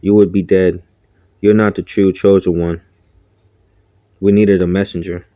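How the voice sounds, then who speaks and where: A man's voice: low-pitched, little pitch movement, measured pace, warm tone, no room sound, dull audio. A man voicing a stern young leader who gives commands and warnings.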